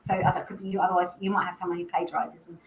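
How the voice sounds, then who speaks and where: A woman's voice: fairly low pitch, little pitch movement, rapid-fire, background noise. A woman hosting a casual live stream about dog behaviour training, talking in a rambling, chatty way full of restarts and asides. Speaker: dog behaviour school host. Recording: echoey room with faint ambience.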